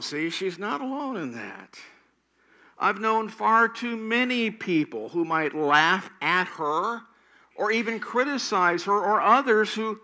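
A man's voice: on the high side, bright, forceful tone. An older man preaching a sermon, telling stories and acting out quoted prayers with animation. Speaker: pastor.

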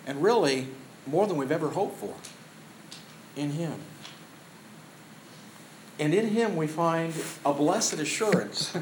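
A man's voice: on the high side, echoey room, a little hiss or hum, low-quality recording. An older man preaching a sermon in an earnest, storytelling way, building to emphatic peaks. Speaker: pastor.

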